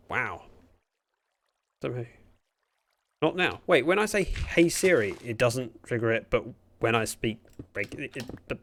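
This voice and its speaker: A man's voice: medium pitch, creaky, slight background noise. Streamer, male, chatty and rambling with viewers; voice swings up and down a lot. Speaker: livestreamer. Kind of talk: casual gaming livestream chat. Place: room at home by a window.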